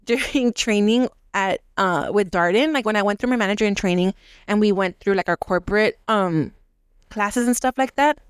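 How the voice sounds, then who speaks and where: A young adult woman telling a work story in casual chat, animated, acting out quotes and saying "like" a lot. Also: mid-range voice, moderate pace, smooth, no echo, clean studio sound. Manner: animated, acts out quotes, heavy use of "like". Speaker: podcast co-host; restaurant manager.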